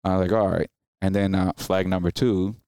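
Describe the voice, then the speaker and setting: A low-voiced man in his thirties speaks a little fast on a clean studio recording with no room sound. He's a Marine veteran appearing as a podcast guest, telling stories in a casual interview. He's animated and acts out the people he quotes in raised voices.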